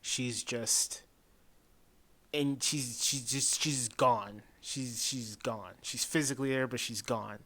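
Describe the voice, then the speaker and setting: A man of ordinary pitch talks through a film in a loose, rambling way. He keeps circling back and tossing in "man", and his voice goes quiet and hushed whenever he retells a scary moment. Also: fairly even intonation, slow pace. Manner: rambling, repeats himself, says "man" a lot. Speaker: movie reviewer. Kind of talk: casual spoken film review.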